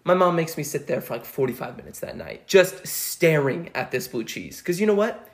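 Animated young man telling a story. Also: fairly high pitch, normal speed. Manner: animated storyteller, keeps adding "okay?". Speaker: podcast co-host. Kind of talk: casual storytelling chat.

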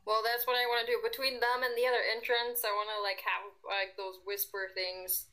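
A woman's voice: on the high side, flat delivery, brisk, sharp tone, poor audio. A woman playing a tabletop game, unsure and thinking aloud. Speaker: player.

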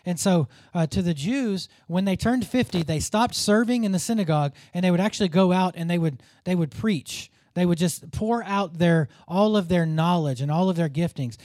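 A man's voice: high-pitched, normal speed, hardly any pauses, a little mellow, dry recording, studio quality. A man giving a conversational Bible teaching, earnest and informal, often restarting his sentences as he works through his thoughts aloud.

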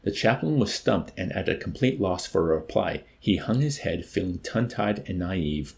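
A man reading a novel aloud as an audiobook narrator, measured and expressive. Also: sits low, vocal fry. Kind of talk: scripted narration.

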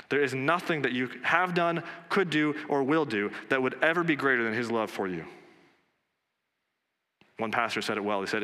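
A pastor preaching a sermon in a church, earnest and emphatic, repeating key phrases for weight. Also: male voice, medium pitch, bright, forceful tone. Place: church sanctuary. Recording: long reverb of a church hall.

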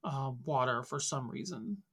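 A woman narrating a tabletop game as game master, descriptive and often pausing on fillers. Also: rumbling low, expressive, a bit bright, breathy edge.

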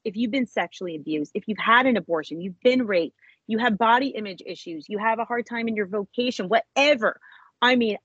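Woman guest, husky, emotional storyteller; slightly dull recording. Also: no echo. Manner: animated storyteller, voice jumps high when reenacting. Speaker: interview guest, author. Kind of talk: emotional personal testimony.

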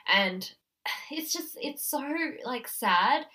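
A woman's voice: a little high, animated, very slow, pushed and bright. Young woman, podcast co-host, earnest and conversational, long run-on sentences. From Australia. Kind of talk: casual chat.

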